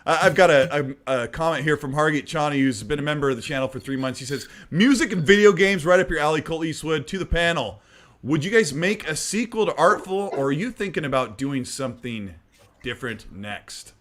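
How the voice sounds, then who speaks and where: A man's voice: a little high, animated, brisk, fairly bright tone. A man hosting a podcast interview, asking questions and reacting with enthusiasm. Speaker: podcast host. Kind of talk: casual interview.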